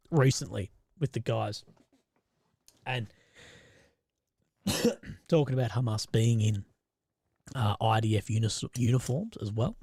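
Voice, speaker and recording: A man's voice: medium pitch, a little mellow, husky, dry recording, clean studio sound. A man, hosting a live stream and giving loose, conversational commentary while reading viewer chat, often swearing and restarting his sentences. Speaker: independent reporter and live-stream host.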